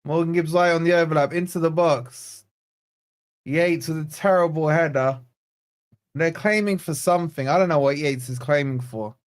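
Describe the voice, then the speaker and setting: A fan channel host runs a live football watch-along, his male voice on the high side at a moderate pace. Blunt and sarcastic, he vents about his team as the match unfolds.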